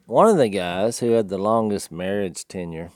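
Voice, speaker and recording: A podcast co-host in his fifties with a Southern twang tells a long story in casual chat, animated and laughing often as he acts out other people's lines in a raised voice. His voice is fairly low and at normal speed, recorded in studio quality with no echo.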